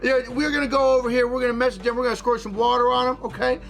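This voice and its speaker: A man's voice: extremely high pitch, flat delivery, rapid-fire, vocal fry, a bit bright, voice pushed up, full character voice. A man voicing a boastful, scheming naval officer in a mock-foreign caricature voice, bragging and shifting blame.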